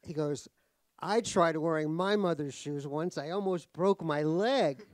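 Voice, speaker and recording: This middle-aged New Yorker, an author at a live event in a cultural center hall, talks in an unhurried, fairly high voice. He jokes wryly and self-mockingly in casual stage conversation, restarting often; the recording is dry.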